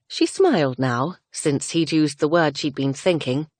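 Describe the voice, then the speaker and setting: A woman narrates a romance audiobook in a gentle, measured way. Her voice sits low, and the recording is dry and close with no room sound. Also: dry recording. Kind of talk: scripted narration.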